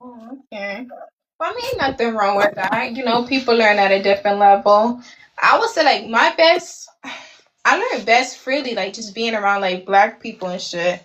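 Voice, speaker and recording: A woman's voice: fairly high pitch, expressive, normal speed, fairly bright tone, a little hiss or hum, low-quality recording. A woman with a Caribbean accent, speaking bluntly and swearing casually in an online panel discussion. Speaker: panel participant.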